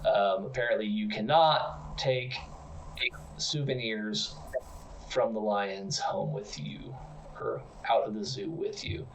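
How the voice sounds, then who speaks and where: A man co-hosting a comedy podcast, telling absurd stories in a rambling, deadpan way. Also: lowish voice, takes it slowly, gravelly, distant mic, slight background noise, low-quality recording. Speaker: podcast co-host.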